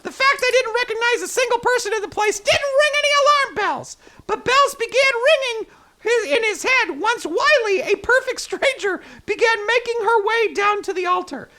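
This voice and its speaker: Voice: animated, normal speed, pushed and bright, heavily acted. A performer voicing a cheery male talking toilet paper roll who hosts a comedic news talk show, with a hammy, bouncy manner. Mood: chipper. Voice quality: high squeaky cartoonish voice. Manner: bouncy, hammy, flustered when guests misbehave. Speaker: show host.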